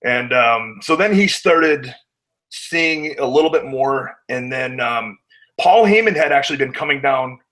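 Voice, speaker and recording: A man's voice: medium pitch, normal speed, a bit bright, low-quality recording. A man, a wrestler guest, telling candid stories in a casual interview, acting out what others said and swearing now and then.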